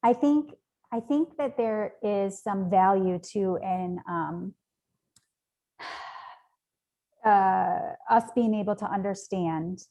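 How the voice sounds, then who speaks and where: Speaking slowly with long pauses, this woman has a mid-range, mellow voice. She founded a nonprofit and is a guest in a conversational interview, where her earnest, rambling answers are peppered with ums and likes.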